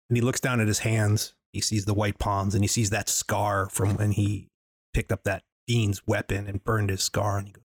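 A man playing a tabletop game, narrating his character's actions in a relaxed, conversational way. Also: lowish voice, normal speed, no echo. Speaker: player.

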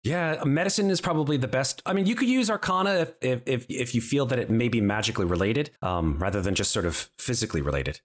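A man narrating as game master of a tabletop game, with slow, soft descriptive passages. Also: medium pitch, animated.

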